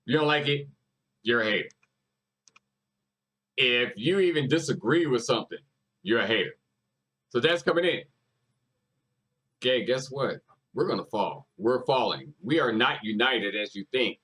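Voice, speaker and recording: A man with a husky, slightly rough voice breaks down a rap song in casual reaction commentary. He talks with emphasis, repeating lines back and urging the track on. His pitch sits in an ordinary middle range. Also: animated, normal speed, a bit bright, rough recording. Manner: emphatic, repeats lyrics and hypes the artist. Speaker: music reaction host.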